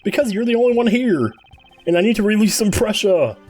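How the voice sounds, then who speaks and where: A man reading out an excitable young woman sidekick in a higher, exasperated voice. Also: brisk, faint music behind.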